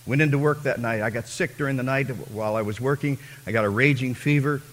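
A man preaches his life story as a sermon testimony, his voice sitting at an ordinary middle pitch. He tells it fervently, sinking to near-whispers and then rising to impassioned, loud peaks. A long reverb rings behind him, as if the sound fills a large hall. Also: fast.

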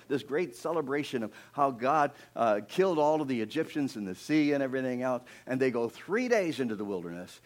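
A middle-aged man from Pennsylvania preaching a sermon, telling stories and acting out the voices, swinging between loud bursts and hushed asides. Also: medium pitch. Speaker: pastor.

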